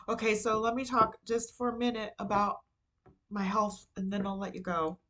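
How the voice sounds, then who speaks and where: Her voice sits in the middle range, sounding pushed and bright, captured on a low-quality recording. As host of her own show, this woman delivers a frank personal monologue like a vlog, wandering and confessional, filled with "like" and "you know," with offhand cursing.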